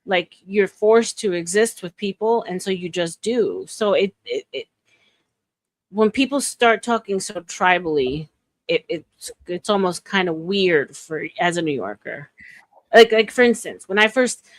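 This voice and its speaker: A woman's voice: fairly low pitch, expressive, a little slow, no echo. Chatty New York woman in her forties. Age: 40s. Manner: chatty, with many restarts and laughs. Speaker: livestream host. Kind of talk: casual live chat. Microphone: phone.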